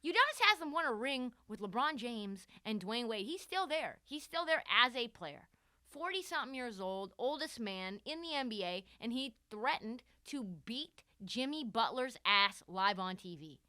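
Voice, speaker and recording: A woman's voice: on the high side, very animated, moderate pace, pushed and bright, dry recording, studio quality. A woman hosting a sports talk show, brash and profane, acting out quotes as she goes. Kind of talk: animated sports commentary.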